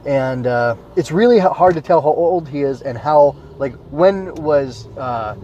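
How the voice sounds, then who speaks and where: A man's voice: a little high, expressive, unhurried, mellow, highs cut off, a little hiss or hum. Rambling man hosting an anime podcast. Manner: rambling, tangent-prone, thinks aloud with many fillers. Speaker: podcast host and anime reviewer. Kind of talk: casual solo podcast commentary. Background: smooth jazz music playing.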